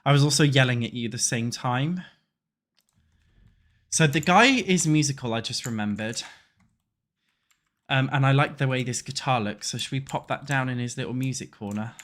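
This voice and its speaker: A man's voice: medium pitch, normal speed, pauses often, a bit bright. A man with a stuffy, congested voice from a cold chats loosely with his live viewers at his desk. He swears freely and teases the chat. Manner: crude, swearing, joking with chat. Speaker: streamer. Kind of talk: casual livestream chat while playing.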